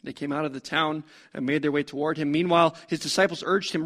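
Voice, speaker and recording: A man with a fairly high voice preaching a storytelling sermon. He sounds conversational and keeps posing rhetorical questions to his listeners. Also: steady tone, fast, hardly any pauses, a bit bright.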